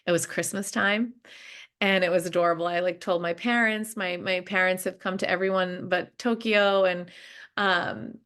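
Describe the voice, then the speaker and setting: A woman, a guest telling her story in a casual interview, animated and talkative. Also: lowish voice, clear, resonant tone. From Boston, USA. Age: 30s. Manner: animated, talkative, quick bursts with laughter. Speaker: interview guest, marathon runner.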